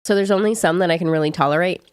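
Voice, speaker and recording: Sick young southern girl rambling to her stream chat, kinda low voice, dead dry mic. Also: racing, clear, resonant tone, no room sound. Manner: chatty, rambling with frequent "like" fillers. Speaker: live streamer. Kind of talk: casual chat answering viewers.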